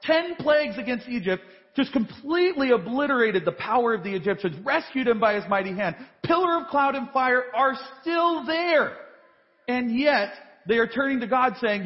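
In a large church, a man with an extremely high voice preaches a sermon at normal speed. He's animated, reading scripture aloud and then acting out the voices of the characters in the story. The live church feed sounds dull and carries a long reverb.

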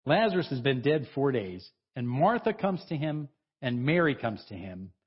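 A man's voice: mid-range voice, very animated, moderate pace, husky, dull audio. A man preaching a conversational sermon, informal and chuckling, who breaks off and restarts his sentences as he goes. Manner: informal, self-interrupting, chuckling asides.

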